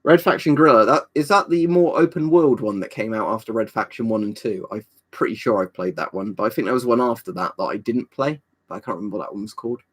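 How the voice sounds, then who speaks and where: A man's voice: lowish voice, fast, hardly any pauses, a bit bright, slightly rough. A young adult man from England chatting casually on a live stream, rambling, swearing freely and answering viewers' questions.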